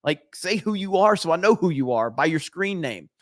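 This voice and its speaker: A man's voice: on the high side, expressive, normal speed, no room sound, clean studio sound. Joking, profane man hosting a livestream. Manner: reads viewer messages aloud, joking and profane. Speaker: livestream host. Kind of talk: casual late-night stream chat.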